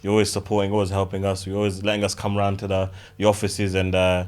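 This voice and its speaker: A man hosting a casual podcast, warmly thanking his guests and wrapping up the show. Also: low-pitched, completely flat delivery, quick pace, clear, resonant tone. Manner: friendly, thanking guests at length. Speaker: podcast host.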